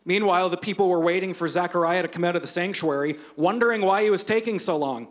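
A man preaching a sermon as a pastor, retelling scripture with humor and lively storytelling. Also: on the high side, a little fast, hardly any pauses.

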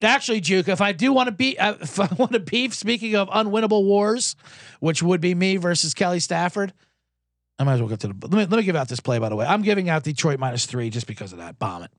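A man's voice: high-pitched, big pitch swings, fast talker, no room sound, studio quality. A man hosting a comedy sports podcast, ranting sarcastically with lots of swearing and frequent restarts. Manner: ranting, sarcastic, profane, self-interrupting. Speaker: podcast host.

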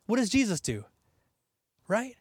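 Man, pastor, sermon, high-pitched, conversational, animated, dry sound. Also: measured pace, husky, no room sound. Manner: conversational, animated, with frequent asides and laughs.

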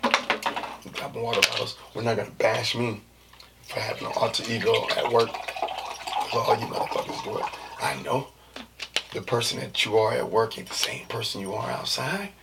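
A man's voice: mid-range voice, moderate pace, creaky, long pauses, recorded from a distance, very noisy. A man in his thirties talking casually and loosely in slang, sometimes dropping to a whisper. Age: 30s. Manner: loose, slangy and animated, drops into whispers and jokey put-on voices. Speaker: vlogger. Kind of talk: casual monologue.

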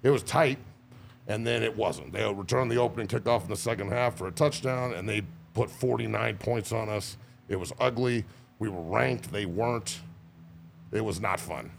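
A man's voice: on the low side, moderate pace, vocal fry, slight background noise. A man in his forties, a former football player guesting on a podcast, telling boisterous, profane stories with lots of laughter. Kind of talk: casual chat.

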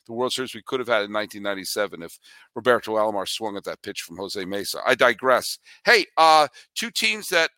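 A man's voice: fairly low pitch, fairly quick, no room sound. A man hosting a baseball podcast, talking animatedly with rants and jokes, including a read-through ad. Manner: animated, ranting, joking. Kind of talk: energetic sports talk with ad read.

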